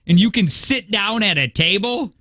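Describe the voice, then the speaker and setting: A man's voice: sits high, expressive, moderate pace, sharp tone, no room sound. A man in his thirties hosting a morning radio show, rambling through stories in casual chat. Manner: rambling storyteller, chatty. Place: radio studio. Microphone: studio microphone.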